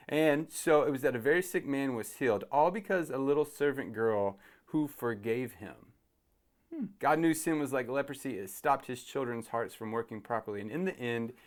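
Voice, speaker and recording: An animated man in his thirties retells a Bible story for young listeners. He talks casually at a mid pitch and jumps into quick voices for each character. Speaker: youth ministry host.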